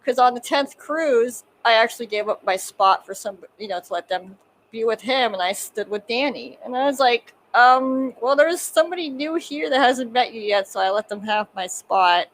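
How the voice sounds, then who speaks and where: Woman with a slightly high voice, an animated podcast storyteller who voices each quoted line. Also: moderate pace, slight background noise, rough recording. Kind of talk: casual podcast chat.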